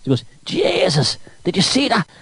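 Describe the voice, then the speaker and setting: A man's voice: high voice, huge pitch swings, moderate pace, fairly bright tone, husky, no echo, pitched above the performer's own voice, exaggerated voice. A man voicing a foul-mouthed, panicky Irish man with an Irish accent who rants and stammers. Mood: ranting. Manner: swearing, ranting, stammering.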